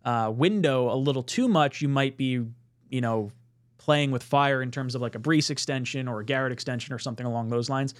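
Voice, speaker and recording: A man's voice: medium pitch, brisk. A man hosting a casual sports podcast, talking steadily and reading out the live chat. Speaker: podcast host.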